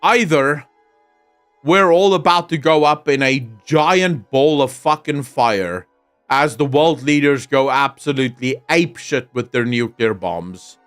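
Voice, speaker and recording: A young South African man riffing on a live stream, sardonic and profane, his voice sitting at an ordinary middle pitch. Faint music plays under his loose, joking chat. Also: measured pace, fairly bright tone, clear, resonant tone. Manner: sardonic, joking, frequent laughter and swearing.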